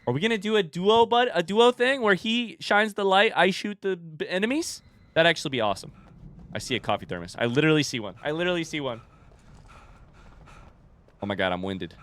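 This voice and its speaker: A man streaming a video game live, giving excitable, jokey commentary with plenty of swearing. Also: high-pitched, fast talker.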